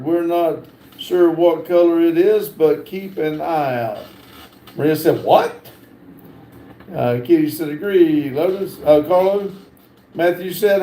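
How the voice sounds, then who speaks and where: A man with a drawl hosts a casual livestream and reads viewer comments aloud, pausing on plenty of fillers. His voice sits fairly high, mellow and unhurried. The room around him is echoey. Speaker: livestream host reading chat. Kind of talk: casual live chat.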